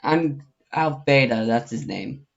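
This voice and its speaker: Gravelly man on a dull mic. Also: mid-range voice, lively intonation, takes it slowly. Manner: brief supportive interjections. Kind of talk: casual chat.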